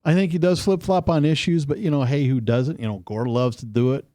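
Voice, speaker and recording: A man co-hosting a casual political radio chat, telling stories in an animated, lively way. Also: fairly quick, no room sound, studio quality. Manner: animated storytelling, lively pitch swings. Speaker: co-host. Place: studio.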